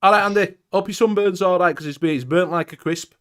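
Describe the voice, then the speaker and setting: A man's voice: sits high, quick pace, clear, resonant tone. A man hosting a live stream, telling bawdy stories with lots of swearing and laughter. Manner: bawdy, swearing storyteller who laughs a lot. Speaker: host of a live vaping show. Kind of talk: casual live-stream chat.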